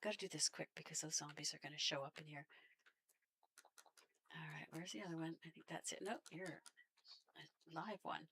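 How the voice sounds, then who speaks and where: Canadian woman streamer, low and gravelly, chatty commentary, laughs a lot. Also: steady tone, moderate pace, pauses often, pushed and bright. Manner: chatty, laughs often, talks to enemies. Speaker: game streamer. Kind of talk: casual gameplay commentary.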